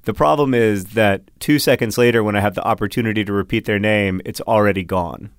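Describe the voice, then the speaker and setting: A middle-aged man with a fairly low voice chats casually as a podcast co-host. He rambles and pokes fun at himself, often restarting his sentences. The recording is dry and close, with no room sound. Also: fairly quick, no room sound. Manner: rambling, self-deprecating, talks through restarts. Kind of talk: casual chat.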